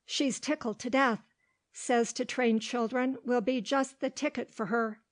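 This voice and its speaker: A woman's voice: on the high side, steady tone, unhurried, lightly acted. A woman reading the lines of an old, gossipy male dog who talks in a folksy, ungrammatical way.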